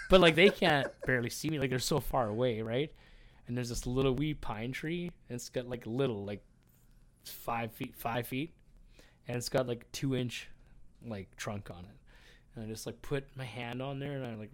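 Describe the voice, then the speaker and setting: A man's voice: mid-range voice, fairly bright tone. Rambling, profane man telling a story. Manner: rambling, filler-heavy, profane. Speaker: podcast co-host. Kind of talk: casual chat, storytelling.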